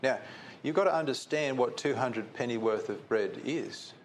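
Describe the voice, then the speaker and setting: Questioning preacher, faint hiss. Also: male voice, medium pitch, lively intonation, moderate pace. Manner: conversational, asks the listeners questions. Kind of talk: sermon.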